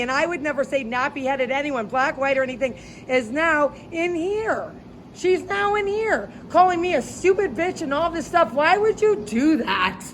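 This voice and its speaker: High-voiced flamboyant woman rambling on the street. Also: fairly bright tone. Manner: flamboyant, rambling, quick topic jumps. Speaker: livestreamer. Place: outdoors on a downtown city street at night.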